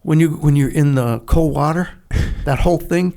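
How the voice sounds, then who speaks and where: An older man, a retired Navy veteran, telling a lively story in a podcast interview, acting out the dialogue and laughing often. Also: a little high, normal speed, gravelly. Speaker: guest, retired Navy SEAL.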